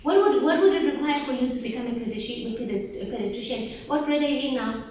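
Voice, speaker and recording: A woman giving an animated motivational workshop talk to teenage girls, asking them questions and calling for their replies. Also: high-pitched, fast. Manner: animated, asks the audience questions and calls for replies. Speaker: workshop speaker for teen girls. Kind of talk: motivational talk to a live group. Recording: very echoey room, voice from far off, faint noise.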